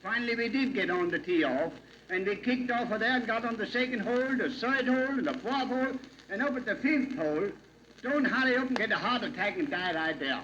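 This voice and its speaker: A man's voice: high-pitched, lively intonation, brisk, bright, forceful tone, voice pushed up. A man playing a rambling old Pennsylvania Dutch professor who tells jokes in dialect, on a dull, hissy old recording. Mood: folksy. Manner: folksy, rambling joke-telling in dialect. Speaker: comic monologue character. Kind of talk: vintage comedy routine.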